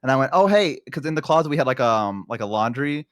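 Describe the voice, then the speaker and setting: A man from the Southern United States, chatting casually on a stream and telling lively stories with acted-out voices and bursts of laughter. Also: mid-range voice, fast, smooth, dry recording, clean studio sound. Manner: animated storyteller, bursts into laughter, acts out voices. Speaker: streamer guest. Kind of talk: casual chat.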